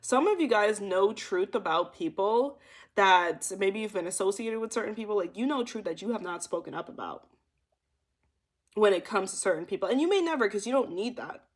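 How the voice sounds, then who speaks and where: A woman's voice: medium pitch, animated, normal speed. A young woman reading cards for viewers, telling stories in a chatty, emphatic way with lots of asides to the audience. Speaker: intuitive card reader. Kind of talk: casual storytelling to viewers.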